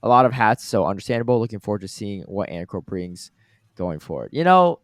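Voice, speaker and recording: An American man co-hosts a casual podcast, chatting in an animated, easygoing way and laughing often. His pitch moves a lot as he talks. The sound is close and dry. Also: a little fast, no room sound. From United States. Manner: animated, reads out viewer comments, laughs easily. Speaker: podcast co-host.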